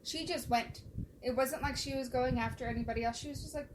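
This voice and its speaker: A woman's voice: high-pitched, brisk. A woman co-hosting a podcast in casual chat, chiming in with teasing remarks. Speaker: podcast co-host. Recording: noticeable background noise.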